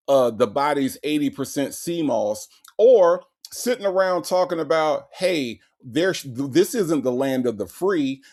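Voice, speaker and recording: A man hosting a show, giving sarcastic, animated commentary on a clip. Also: fairly high pitch. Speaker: host.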